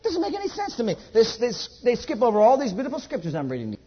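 A man preaching a sermon at a church service. He repeats his exhortations emphatically and drops to a hush. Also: extremely high pitch, huge pitch swings, very fast, husky, dull audio.

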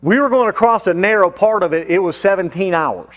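A man's voice: sits high, fairly quick, a bit bright. A male pastor telling a mission story in a sermon, with fillers and restarts. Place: church.

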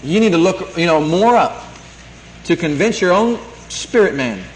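High-voiced preacher in an echoey room. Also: male voice, animated, moderate pace, slight background noise. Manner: repetitive, emphatic scripture quoting. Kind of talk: sermon. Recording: echoey room, 1982 tape.

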